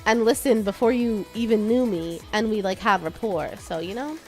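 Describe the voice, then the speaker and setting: A woman's voice: mid-range voice, normal speed, faint music behind. A young woman streamer with a slight Texan twang, chatting casually with her viewers while she works, self-deprecating and laughing often.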